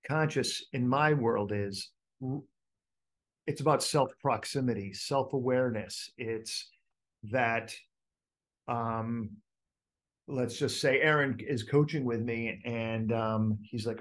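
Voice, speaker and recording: A man leads a group coaching call at a slow pace with a medium-pitched voice. His casual teaching is animated, dotted with fillers and restarts, and he acts out inner voices.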